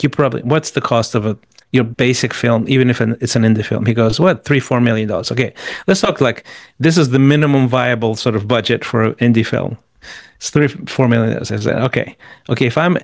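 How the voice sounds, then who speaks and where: Gravelly emphatic man giving advice. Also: mid-range voice, no room sound. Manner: emphatic, repeats words, lists rapidly. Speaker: guest. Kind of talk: interview answers, motivational advice.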